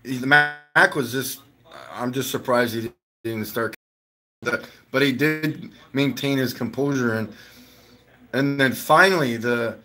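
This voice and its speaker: Male stream host, relaxed home chat, bright tone, loose storyteller who swears. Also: mid-range voice, slow pace. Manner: chatty, swears freely, laughs while telling stories. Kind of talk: casual rambling storytelling.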